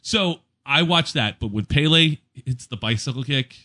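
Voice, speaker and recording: Lively, animated man telling stories. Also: medium pitch, moderate pace. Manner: animated storyteller who laughs as he talks. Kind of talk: casual chat.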